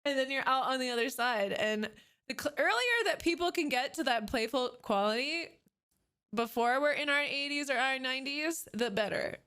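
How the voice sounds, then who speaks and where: A woman in her thirties chatting casually on a livestream into a desk microphone, enthusiastic and animated, swearing freely. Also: high-pitched, moderate pace, smooth. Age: 30s.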